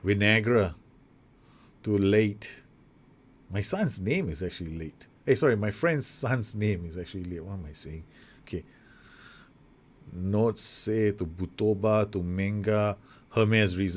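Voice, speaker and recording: A young man casually commentating his own football management game, chatty and excitable, with self-corrections and asides. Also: fairly low pitch, measured pace. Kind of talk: casual let's-play commentary.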